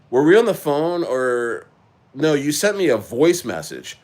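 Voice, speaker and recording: Rambling, halting crypto streamer guy. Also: a little high, big pitch swings, darkish tone. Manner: rambling, halting, many restarts, reads and answers chat. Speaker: crypto livestream host. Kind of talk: casual livestream chat. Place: living in Chile.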